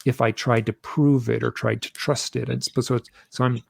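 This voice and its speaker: A man, a guest on a video-call interview, telling a long personal story in an animated way, acting out the voices of the people in it. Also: mid-range voice, moderate pace, gravelly, dry recording. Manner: animated, acts out his own shouting and quotes.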